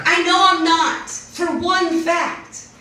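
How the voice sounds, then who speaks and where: A young adult woman performs a brash, profane, self-mocking stand-up set in a small club before a live audience. Her very high voice is pushed and bright, slow, with little pitch movement. A distant mic picks her up in an echoey room full of laughter.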